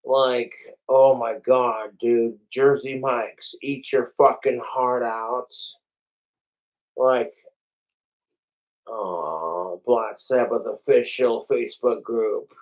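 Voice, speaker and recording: A man livestreaming in a casual, rambling, excitable way, a bit tipsy and slurring from alcohol, swearing often. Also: mid-range voice, very slow, low-quality recording.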